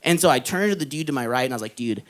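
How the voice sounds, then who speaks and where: A young man doing stand-up, telling a story in an animated way, laughing along and jumping into loud put-on voices. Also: medium pitch, racing. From Texas. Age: young adult. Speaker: stand-up comedian. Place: live comedy club stage.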